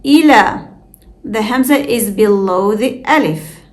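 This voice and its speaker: A woman's voice: mid-range voice, slow pace. A woman teaching Arabic pronunciation, explaining rules carefully and reading out examples. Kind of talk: slow scripted lesson narration.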